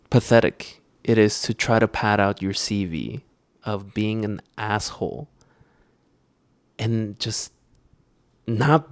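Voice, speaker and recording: A man co-hosting a podcast, giving measured, sardonic commentary with frequent pauses on a close mic. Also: fairly low pitch, lively intonation, darkish tone, no room sound. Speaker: podcast co-host. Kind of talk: casual critical commentary.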